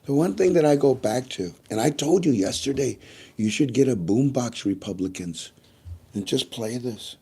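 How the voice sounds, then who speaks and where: A man's voice: medium pitch, lively intonation, normal speed, dark tone, husky. A man vlogging to his viewers in a casual, rambling monologue, repeating himself often and making chatty asides. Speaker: YouTube vlogger.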